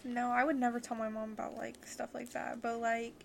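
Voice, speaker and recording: A woman's voice: on the high side, flat delivery, a little fast, gravelly. A woman guest on a casual podcast, talking frankly and offhandedly, filling her sentences with "like.". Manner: frank and offhand, heavy use of like. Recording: noisy, hissy podcast recording.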